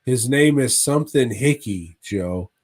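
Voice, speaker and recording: A man's voice: mid-range voice, lively intonation, measured pace, a little mellow, slightly rough. A man co-hosting a casual movie review podcast, retelling plots in a rambling, profane way. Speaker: podcast co-host.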